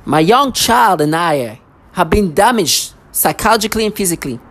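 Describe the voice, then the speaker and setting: Vlogger, mid-pitched, agitated, repetitive, stammers and restarts often. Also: animated, normal speed, fairly bright tone. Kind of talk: rambling personal monologue.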